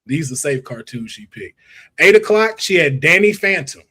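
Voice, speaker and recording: A man hosting a casual panel discussion, walking through guests' picks in a lively way. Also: fairly high pitch, normal speed, husky. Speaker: podcast host.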